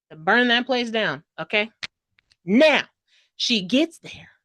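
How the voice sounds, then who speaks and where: A woman giving a casual book review, gushing and chatty, full of fillers, acting out characters' lines with sudden loud outbursts. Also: on the high side, dry recording, clean studio sound. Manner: dramatic quoted voices and sudden loud outbursts.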